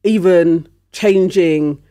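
A man's voice: high voice, extremely slow, warm tone. A man co-hosting a casual podcast chat, talking reflectively and thinking aloud with hedges.

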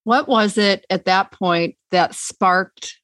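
A woman's voice: mid-range voice, takes it slowly, fairly bright tone, dry recording. A woman hosting an interview, asking curious, engaged questions. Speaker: podcast host. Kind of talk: interview conversation.

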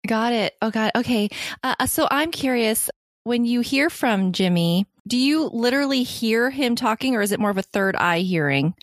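A woman's voice: a little high, lively intonation, moderate pace. A woman hosting an interview, asking curious questions and laughing easily. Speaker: podcast host.

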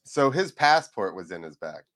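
A man's voice: lowish voice, very animated, normal speed, fairly bright tone. A man guesting on a podcast, telling a rambling story in casual chat, acting out the people in it and swearing now and then. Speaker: podcast guest, freestyle motocross rider.

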